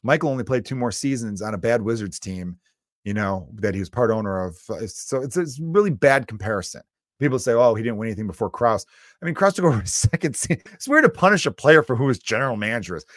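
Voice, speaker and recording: A man's voice: mid-range voice, no room sound, studio quality. A man from Chicago, a comedian hosting his own podcast, ranting emphatically and with strong opinions. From Chicago, USA. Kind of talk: solo podcast rant.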